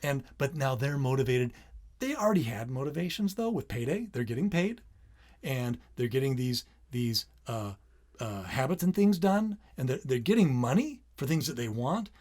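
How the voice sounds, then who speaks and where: A middle-aged man co-hosting a casual parenting podcast, talking animatedly and acting out his kids' lines in quick quoted bits. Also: medium pitch, sing-song, a little mellow. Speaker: podcast co-host.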